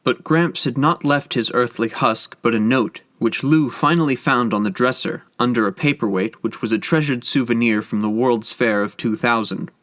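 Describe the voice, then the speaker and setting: A man giving scripted narration of a short story in a measured storytelling manner. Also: mid-range voice, a bit bright, no room sound, studio quality. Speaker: audiobook narrator.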